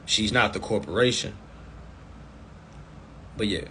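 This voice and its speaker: A man coaching viewers in a casual live stream over a phone mic, blunt and profane, repeating himself and breaking into loud, emphatic bursts. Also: fairly low pitch, slow pace, a little hiss or hum.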